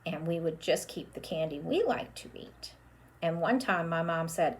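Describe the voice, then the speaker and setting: A woman's voice: low-pitched, lively intonation. A woman leading a children's storytime with a puppet, drawing out her words in a sing-song way. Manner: slow, sing-song, drawn-out for kids.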